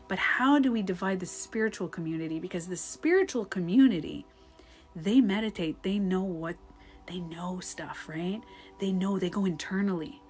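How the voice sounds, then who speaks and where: A woman's voice: on the low side, moderate pace, faint music behind. Candid, chatty woman live-streaming. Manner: rambling and candid, swears, laughs often. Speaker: life coach hosting a live stream. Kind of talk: casual live-stream chat answering comments.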